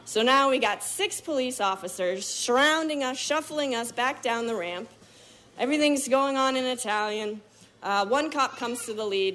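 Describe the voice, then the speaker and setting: Live storyteller, woman, animated and vivid, slightly high voice. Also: normal speed. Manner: animated, vivid, acts out other people's lines.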